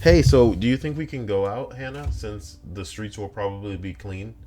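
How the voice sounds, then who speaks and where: Deep-voiced man reading stories on stream. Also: normal speed, mellow, a little hiss or hum. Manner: wry, joking asides. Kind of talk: casual reading with chat asides.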